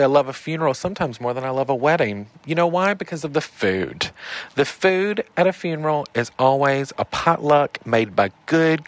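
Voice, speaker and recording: A man telling a funny story in a voicemail. He talks with emphasis and acts out the shouted quotes. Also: medium pitch, no echo. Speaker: caller leaving a voicemail story. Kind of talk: animated comic storytelling.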